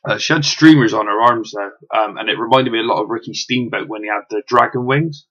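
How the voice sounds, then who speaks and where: A man's voice: fairly low pitch, a little fast, fairly bright tone. A young man giving a casual, rambling solo review with lots of fillers, eager about what he's recapping. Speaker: wrestling show reviewer. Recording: dull lo-fi home recording.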